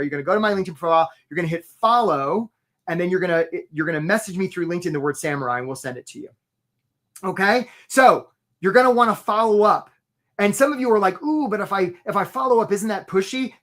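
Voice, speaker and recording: Middle-aged male career coach, energetic live webinar delivery, quick put-on voices. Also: high-pitched. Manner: animated, quick asides, acts out job seekers in put-on voices.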